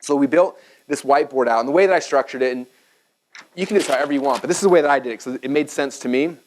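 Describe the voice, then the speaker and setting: A man in his thirties teaching a business seminar at a whiteboard, energetic and chatty, checking in with "okay?" and "right?". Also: medium pitch, rapid-fire, poor audio. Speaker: speaker teaching business marketing.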